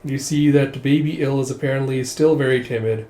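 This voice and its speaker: A man's voice: medium pitch, fairly even intonation, brisk, dark tone. Chatty man recapping in a roomy room. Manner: chatty, loose, with fillers. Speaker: manga reviewer. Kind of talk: casual story recap. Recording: roomy echo.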